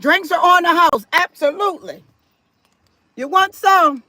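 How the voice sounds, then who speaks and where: A woman's voice: very high-pitched, a little slow, bright, forceful tone, dry recording. A woman hosting a live stream, chatting casually with viewers and reading their comments aloud, firm about respect in her chat. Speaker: livestream host.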